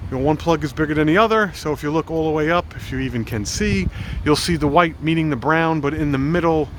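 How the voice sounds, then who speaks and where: A man's voice: fairly high pitch, quick pace. Goofy man rambling outdoors. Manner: goofy, jokey, mock game show host patter. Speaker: home video host. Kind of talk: casual walkthrough vlog. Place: outdoors around a house. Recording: faint outdoor traffic noise.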